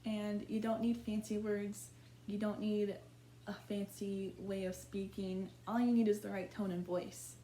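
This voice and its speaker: A woman's voice: medium pitch, level tone, measured pace, mellow, a little hiss or hum. A young woman earnestly giving a prepared lesson on public speaking, with small slips as she reads her points. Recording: echoey room.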